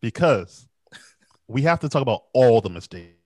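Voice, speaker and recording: A man in a casual movie chat, blunt and profane, ranting with animated energy. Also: mid-range voice, moderate pace, dry recording. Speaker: movie review co-host.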